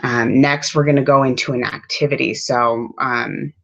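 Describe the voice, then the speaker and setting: A woman teaching an English lesson to learners, explaining slowly and patiently, with frequent ums. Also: extremely low pitch, steady tone, lo-fi sound. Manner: slow, patient, with many ums. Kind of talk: classroom lesson.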